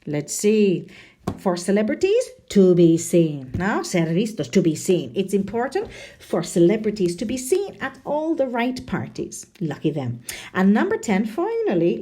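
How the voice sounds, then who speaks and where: Woman teacher, animated grammar lesson, tag questions throughout, voice rising and falling widely. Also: mid-range voice. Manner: lively and chatty, checking in with frequent "no?" tags. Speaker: English teacher.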